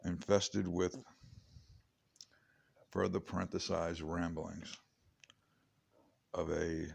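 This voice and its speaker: A man's voice: deep voice, level tone, slow pace, gravelly, a little mellow, slightly rough. A man in his late fifties reading his own memoir aloud, chatty and digressive with wry asides. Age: 50s. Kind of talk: rambling memoir narration. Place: home.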